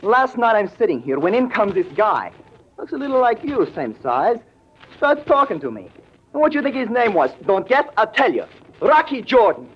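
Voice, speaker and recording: A man's voice: high voice, very animated, normal speed, slightly rough, heavily acted. An actor playing a chatty, jive-talking young male pianist in a 1940s radio drama, full of hipster slang. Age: young adult. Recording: dull vintage radio recording.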